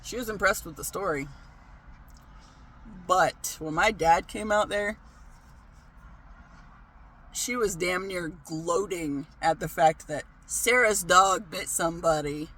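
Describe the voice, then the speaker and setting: A man's voice: high-pitched, takes it slowly, long pauses, bright, forceful tone. A man telling a story in a casual vlog, ranting, swearing freely and laughing often. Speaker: vlogger.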